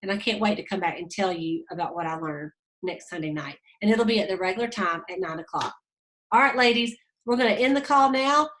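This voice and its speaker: A woman's voice: mid-range voice, brisk, a bit bright, poor audio. A woman hosting a motivational sales team call, upbeat and folksy, coaching her team. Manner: upbeat, pep-talk, folksy.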